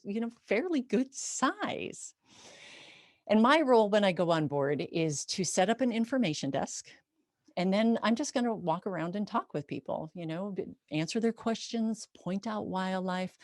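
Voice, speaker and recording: A woman telling a personal story in an expressive, conversational way. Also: fairly low pitch, dry recording, studio quality.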